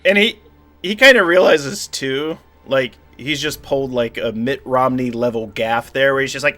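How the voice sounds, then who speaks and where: A man's voice: mid-range voice, normal speed, faint music behind. A man narrating as game master of a tabletop spy game, voicing the other characters in a loose, joking way. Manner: animated, voices NPCs with laughter.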